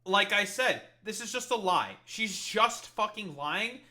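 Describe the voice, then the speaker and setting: A man's voice: high voice, animated, unhurried, noisy background. A man giving an angry, profane and sarcastic political commentary while reacting to clips.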